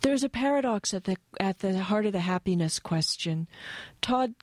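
An American woman reading aloud from her own essay and talking about it, thoughtful and wry, with a flat voice and frequent asides. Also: mid-range voice, moderate pace, no room sound. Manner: thoughtful, wry, given to digressions. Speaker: author.

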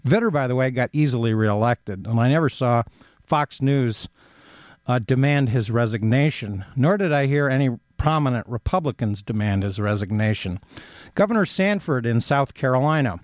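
A man's voice: medium pitch, animated, normal speed, no room sound. Hesitant man giving news commentary, dry sound. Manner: hesitant, many ums and uhs, reads aloud and adds opinions.

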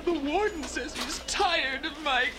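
A man's voice: extremely high pitch, measured pace, music in the background. A man voicing a whining small child in a radio ad skit. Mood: whiny.

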